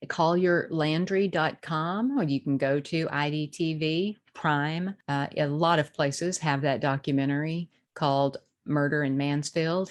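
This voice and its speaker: A woman co-hosting a podcast with a very low voice. She talks casually and appreciatively, stumbling and restarting her sentences as she goes. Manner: warm, affirming, stumbling restarts. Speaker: podcast co-host. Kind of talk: casual interview chat.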